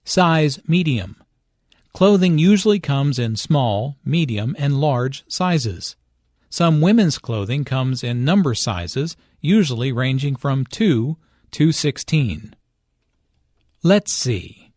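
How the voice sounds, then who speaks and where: A man reading scripted English language notes in a measured, explanatory way. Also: mid-range voice, very animated, darkish tone, dry recording, studio quality. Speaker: English teacher. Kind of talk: scripted language-lesson narration.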